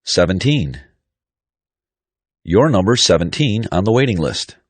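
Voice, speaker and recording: Man, very deep voice, lively pitch, slow deliberate drill reading. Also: no echo. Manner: deliberate, clearly articulated reading. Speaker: pronunciation teacher.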